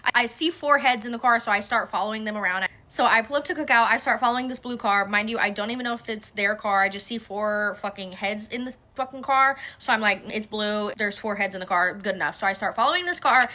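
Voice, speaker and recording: Fast, bright-voiced woman telling a story. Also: on the high side. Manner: animated, profane, gossipy. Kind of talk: casual storytime vlog.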